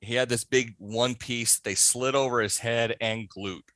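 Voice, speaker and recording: A man in a casual podcast interview, telling a backstage prank story with animated delivery and acting out the other people's voices. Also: medium pitch, a little slow, dry recording. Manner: animated, acts out voices in his stories. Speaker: podcast guest, haunt scare actor.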